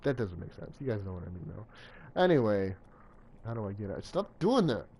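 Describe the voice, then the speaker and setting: A young man streaming a video game, chatting casually and bursting into loud cheers, a little out of breath. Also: fairly low pitch, moderate pace, a little hiss or hum. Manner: excitable, swings from calm to loud cheering. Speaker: gaming live streamer. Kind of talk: casual live stream commentary.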